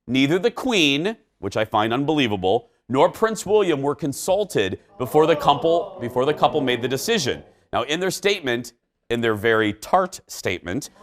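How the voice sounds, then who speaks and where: A man's voice: mid-range voice, fairly bright tone. A middle-aged man hosting a talk show, giving his opinions in a fired-up, emphatic way.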